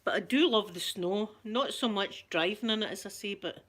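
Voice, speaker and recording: A middle-aged Scottish woman chatting softly for an ASMR video, telling stories in a relaxed, rambling way with local words. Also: mid-range voice, moderate pace. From Scotland. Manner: chatty storytelling, local words like wee and yous. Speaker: ASMR creator. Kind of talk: soft-spoken ASMR chat.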